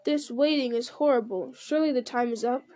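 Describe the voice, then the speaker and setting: A woman's voice: high voice, a little fast, darkish tone, natural voice. A woman voicing an impatient young male hobbit in a read-aloud story.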